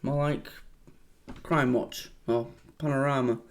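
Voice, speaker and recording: A man hosting a reaction video, rambling excitedly and swearing as he comments. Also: medium pitch, takes it slowly.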